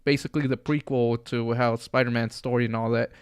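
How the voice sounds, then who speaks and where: Male host, casual chat, smooth clear voice, dry close sound. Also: mid-range voice, flat delivery, a little fast, no room sound. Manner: steers talk, asks panelists questions.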